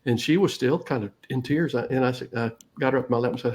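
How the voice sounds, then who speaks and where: A man's voice: medium pitch, fast talker, a little mellow. A middle-aged man co-hosting a casual talk show, telling a family story and laughing often. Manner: tells stories with laughs. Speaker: co-host.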